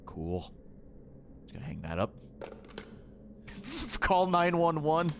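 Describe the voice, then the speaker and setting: A man's voice: a little high, sing-song, slow, vocal fry, a little hiss or hum. A male streamer giving profane, jumpy commentary while playing a horror game, yelping when startled. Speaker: gaming streamer. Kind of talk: reactive gameplay commentary. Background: horror game music and sounds.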